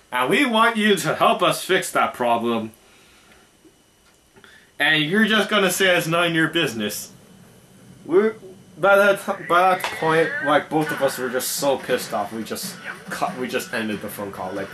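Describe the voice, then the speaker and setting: A man's voice: fairly high pitch, lively intonation, moderate pace, sharp tone, a little hiss or hum. A young man in college telling a rambling, profane story while chatting casually over gameplay. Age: young adult. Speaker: gamer and podcast-style co-host.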